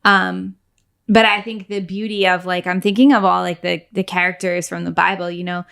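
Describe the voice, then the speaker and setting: A woman's voice: on the low side, little pitch movement, moderate pace, gravelly, a bit bright, clear, resonant tone. A woman co-hosting a podcast, talking earnestly and casually about faith, with frequent "like" and "you know". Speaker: podcast co-host.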